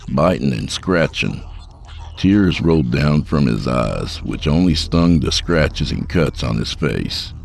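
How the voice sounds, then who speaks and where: A man reads a horror tale in a measured, dark manner. His voice is extremely deep and full of gravelly fry. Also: slight background noise. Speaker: horror story narrator. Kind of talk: scripted narration.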